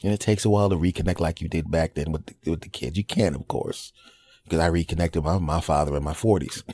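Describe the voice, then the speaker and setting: A podcast host in his forties tells a casual monologue, acting out little quoted reactions as he goes. His voice is rumbling low, dark and slightly rough, and he talks fast.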